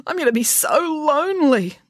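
Clingy, emotional big fellow, as a woman reads him: high, loud, wailing storybook voice. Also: big pitch swings, fast, dry recording, studio quality. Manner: wailing, pleading. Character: large emotional young man, clingy and weepy. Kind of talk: storybook reading.

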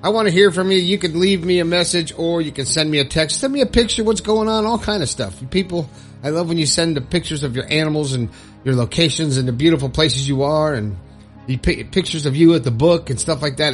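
Friendly podcast guy, kinda high voice, folksy and upbeat, little bit of music under it. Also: a little fast. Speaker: podcast host. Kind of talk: casual solo podcast talk.

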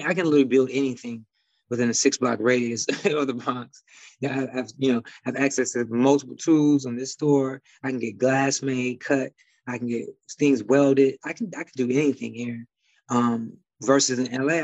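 A man's voice: medium pitch, vocal fry, a little mellow, no room sound, highs cut off. A man from Detroit with a slight Midwest twang, a guest talking casually and rambling with many fillers and restarts. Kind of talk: casual conversation.

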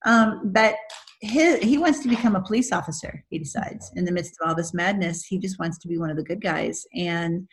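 A woman's voice: fairly low pitch, a little fast. A middle-aged woman author telling stories earnestly in a faith-based interview. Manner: earnest storyteller, laughs through her story. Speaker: author guest.

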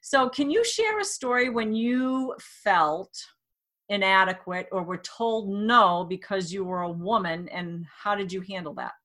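Bright, chatty woman interviewer. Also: mid-range voice, measured pace. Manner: chatty, reacts eagerly with exclamations. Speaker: show host. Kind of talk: casual interview.

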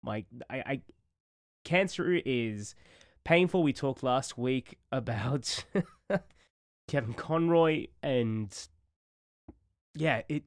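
A man's voice: medium pitch, animated, drawn-out words, long pauses, no room sound, studio quality. A man in his thirties co-hosting a podcast, rambling and emotional in casual chat, swearing freely. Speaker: podcast co-host.

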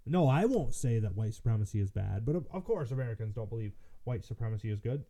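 A man's voice: medium pitch, expressive, quick pace, dark tone. A man from Michigan hosting casual political commentary, rambling and hesitant with many fillers and restarts, sounding tired. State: tired, yawning. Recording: muffled lo-fi audio.

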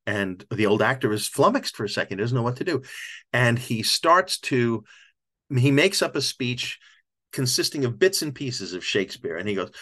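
A man's voice: mid-range voice, animated, a little fast, a bit bright. Emotional older man telling a story. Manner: reflective, emotional storyteller with frequent restarts. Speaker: author and podcast guest. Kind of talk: storytelling in an interview.

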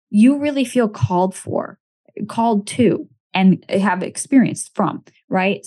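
A woman's voice: medium pitch, darkish tone. A woman hosting a podcast in casual chat, talking in an emphatic, motivational way and often checking in with "right?". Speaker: podcast host.

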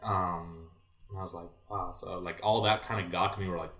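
Deep-voiced young man, echoey and distant. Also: moderate pace. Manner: animated, acts out his own past remarks, many "like" fillers. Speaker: podcast guest, former college baseball player. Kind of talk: casual storytelling chat. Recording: echoey room, voice distant from mic.

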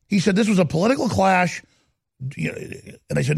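A man hosting a talk show, ranting heatedly and fast. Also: high voice, expressive, creaky, breathy edge, dry recording, studio quality. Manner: heated, rapid-fire ranting. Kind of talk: ranting commentary.

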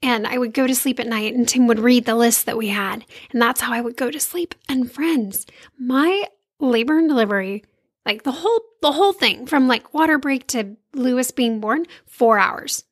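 A bubbly woman in her thirties hosts a casual motivational talk, bright and upbeat, sprinkling playful slang into her encouragement. Her voice sits a little high. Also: moderate pace. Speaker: podcast host and confidence coach.

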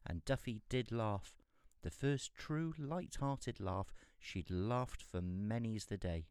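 A man narrating a fairy tale in a calm, steady storytelling manner. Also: on the low side, slow pace, clean tone, no echo, clean studio sound.

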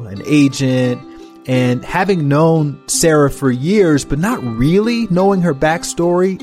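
A man's voice: mid-range voice, darkish tone. A man hosting a podcast, introducing his guest and then interviewing her in a friendly, teasing way. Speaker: podcast host.

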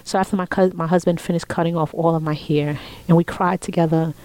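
Heartfelt woman in her forties, soft-spoken. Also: lowish voice, fairly even intonation, fast, poor audio. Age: 40s. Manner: heartfelt, drops to soft whispers when quoting family. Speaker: interview guest. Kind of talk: emotional personal storytelling.

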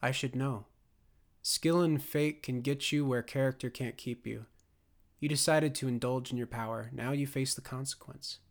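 A man voicing a composed, powerful woman in an audiobook, speaking in a calm, measured way. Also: medium pitch, natural voice. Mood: cool.

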